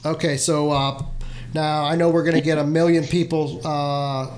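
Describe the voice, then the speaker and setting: Rambling livestream host man, slightly high. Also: level tone, moderate pace, darkish tone, slight background noise. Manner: rambling, fillers, laughs easily. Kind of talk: casual livestream chat.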